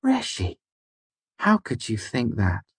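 A man reading the lines of a dry, deadpan young helper, a little higher than his own voice. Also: moderate pace, husky, dry recording, heavily acted. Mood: offended.

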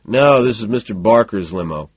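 A man voicing a blunt, unimpressed male limo driver who talks in a flat, offhand way. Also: lowish voice, moderate pace, slightly rough, no room sound, muffled recording.

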